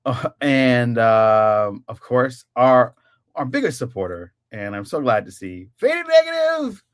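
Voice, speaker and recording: A man's voice: medium pitch, slow, clean tone. A man hosting a casual live-stream podcast, reading out viewer comments and laughing often. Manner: animated, giggly, reads chat comments aloud. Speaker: podcast host.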